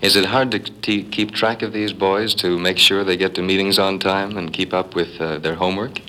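A man's voice: low voice, fairly even intonation, normal speed, sharp tone, a little hiss or hum, rough recording. A man interviewing a guest for a broadcast, asking friendly, leading questions.

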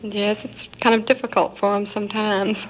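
A woman with a Southern American accent answering interview questions in a soft, unhurried way, with gentle laughs. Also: medium pitch, flat delivery, slight background noise, rough recording. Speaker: secretary to astronauts.

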